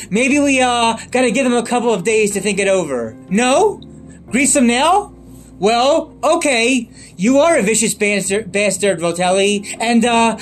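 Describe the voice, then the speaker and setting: A man's voice: very high voice, exaggerated voice. A man doing an impression of a madcap male clown villain from a film, with a showy, mocking, sing-song delivery. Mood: gleeful.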